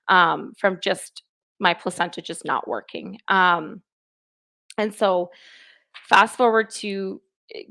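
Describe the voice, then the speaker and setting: A woman's voice: mid-range voice, gravelly, a bit bright. A woman telling her own story on a live chat, emotional at times and retelling what others said, with restarts. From Canada. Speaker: guest sharing her birth story.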